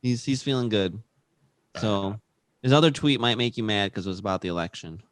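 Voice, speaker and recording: A man's voice: lowish voice, a little fast, no room sound. A man co-hosting a casual comedy podcast, running segments in an upbeat way. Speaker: podcast co-host.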